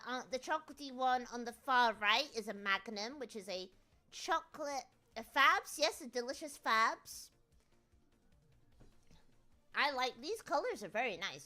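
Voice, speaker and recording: A woman's voice: fairly high pitch, bright, forceful tone. A British woman streamer chatting casually and playfully with her viewers, full of jokey asides. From Britain. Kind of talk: casual live-stream chat.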